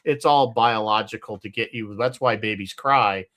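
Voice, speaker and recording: A man's voice: fairly low pitch, normal speed, fairly bright tone, slight background noise. A man co-hosting a casual podcast chat, talking loosely, laughing often and restarting his sentences. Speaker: podcast co-host.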